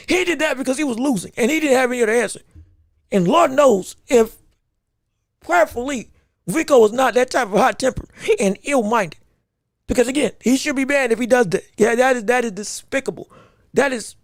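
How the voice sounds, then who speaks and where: A man hosting a casual boxing podcast. He talks in an animated way, laughs a lot and often repeats his words. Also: extremely high pitch, no room sound, studio quality. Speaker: podcast host.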